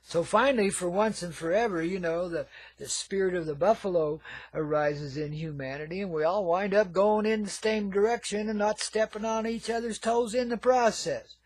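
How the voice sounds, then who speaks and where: Older hippie man with a husky voice. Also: sits high, fairly even intonation, moderate pace, no echo. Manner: folksy hippie drawl, calls listeners man and babies; swings between murmured asides and loud outbursts. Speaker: radio show host. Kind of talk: rambling monologue.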